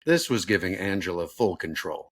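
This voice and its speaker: A man with a very low, deep voice talks in a relaxed podcast chat. He rambles and fills his pauses with ums and uhs as he works through his thoughts. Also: breathy edge. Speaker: podcast guest. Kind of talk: casual chat.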